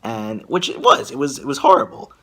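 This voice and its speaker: A man's voice: medium pitch, fairly quick. Young man rambling through a vlog story. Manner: rambling, filler-heavy, animated storytelling. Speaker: vlogger.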